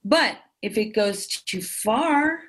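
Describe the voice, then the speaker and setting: A woman's voice: fairly high pitch, lively intonation, takes it slowly, fairly bright tone, breathy edge. A woman in her fifties, an interview guest telling her own story candidly and emphatically, with many fillers and repeated phrases. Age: 50s.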